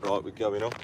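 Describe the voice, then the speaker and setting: A man livestreaming outdoors as an animal rights activist, blunt and agitated, swearing often. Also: on the low side. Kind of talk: live outdoor stream. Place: outdoors by a roadside facility. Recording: distant mic with loud traffic noise.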